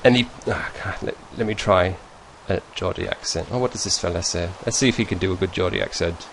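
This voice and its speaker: A low, creaky, fairly bright male voice talks a little fast in a northern English accent from northeast England, with slight background noise. The vlogger chats casually to his viewers over a screen share, rambling, correcting himself mid-sentence and adding chuckling asides.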